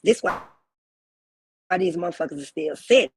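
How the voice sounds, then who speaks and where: A woman's voice: lowish voice, animated, moderate pace, slight background noise. A woman hosting a livestream, ranting in a blunt, profane and preachy way. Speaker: livestream host. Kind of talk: heated livestream rant.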